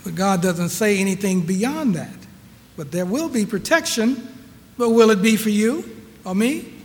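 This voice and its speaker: A man preaching in a notably high voice, drawing out each phrase at a slow, deliberate pace. He leans on repeated rhetorical questions, and his words ring out with a long echo of the hall. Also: expressive, darkish tone, slight background noise. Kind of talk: sermon.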